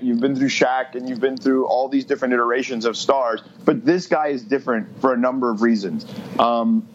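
A man's voice: medium pitch, lo-fi sound, slight background noise. Blunt, matter-of-fact man talking sports. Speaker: sports radio host, podcast guest. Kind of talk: casual sports talk.

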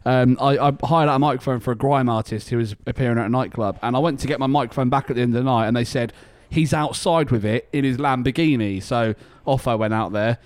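A man hosts a casual podcast, rambling through jokey stories with plenty of fillers. His voice sits mid-pitch and is recorded close and dry, with no room sound. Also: fast talker, hardly any pauses, dry recording. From Portsmouth, England. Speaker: podcast host. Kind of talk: casual banter.

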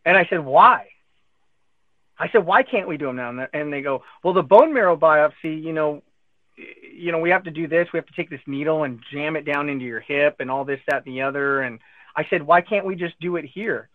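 A man's voice: on the high side, fast, no room sound. A man recounting his cancer diagnosis in casual conversation, acting out what friends and doctors said to him. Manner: animated retelling, acting out quotes of others. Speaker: guest telling his cancer story. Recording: tinny phone-line sound.

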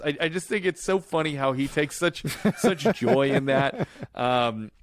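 A man's voice: fairly high pitch, normal speed, few pauses, dry recording, clean studio sound. A man co-hosting a podcast, chatting casually and laughing often. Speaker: podcast co-host. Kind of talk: casual chat.

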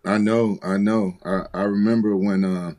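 Low-voiced American man telling stories. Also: flat delivery, moderate pace, warm tone, rough recording. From United States. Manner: profane, laid-back, rambling with many restarts. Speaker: guest fighter. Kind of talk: casual interview storytelling.

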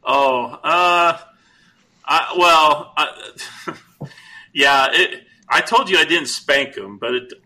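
A man's voice: on the high side, extremely slow, bright, forceful tone, poor audio. A middle-aged man telling rambling, jokey stories about fatherhood on a podcast. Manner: rambling, self-interrupting, jokey. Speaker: podcast co-host. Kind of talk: casual storytelling chat.

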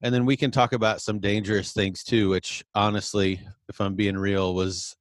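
A man co-hosting a casual talk show, speaking in a relaxed, hesitant way with many fillers. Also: fairly low pitch, normal speed, dry recording, studio quality. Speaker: podcast co-host. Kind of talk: casual conversation about preaching.

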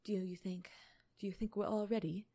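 A woman voicing a polite, gentle young man who grows nervous under pressure, speaking softly and apologetically. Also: mid-range voice, steady tone, normal speed, lightly acted. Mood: apologetic. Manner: soft, apologetic and courteous.

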